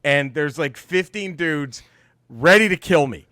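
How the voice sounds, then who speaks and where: High, bright-voiced comedian telling a story. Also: male voice, a little slow, no room sound, clean studio sound. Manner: animated, laughing storyteller who acts out quotes. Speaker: podcast co-host, stand-up comedian. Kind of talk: casual storytelling chat.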